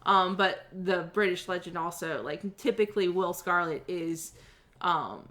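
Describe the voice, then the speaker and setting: A woman's voice: on the low side, measured pace, a bit bright. A young adult woman co-hosting a casual movie podcast, thoughtful and hesitant with frequent ums. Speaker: podcast co-host. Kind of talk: casual chat.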